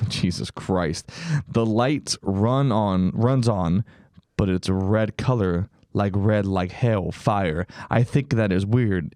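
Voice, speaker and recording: A man's voice: on the low side, a little mellow, dry recording, clean studio sound. A man co-hosting a podcast, reading scary stories aloud in a mock-dramatic way and laughing at the silly wording. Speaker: podcast co-host.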